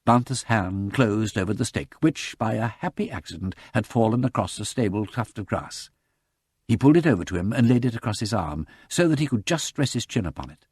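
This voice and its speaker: Lively dramatic male narrator. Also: lowish voice, fairly quick, slightly rough, no echo, clean studio sound. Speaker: audiobook narrator. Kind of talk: scripted narration.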